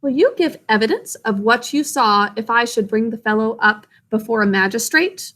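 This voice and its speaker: A hearty, bustling brickmaker fires off brisk questions, as a woman reading a storybook aloud puts him on. The voice sits a little raised, in her own light register. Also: on the high side, a bit bright, close to an everyday voice. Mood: serious. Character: brisk grown man, a master brickmaker.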